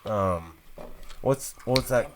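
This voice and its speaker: A man's voice: on the low side, animated, drawn-out words. Hesitant man with faint background noise. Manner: hesitant, searching for words. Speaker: participant in chat.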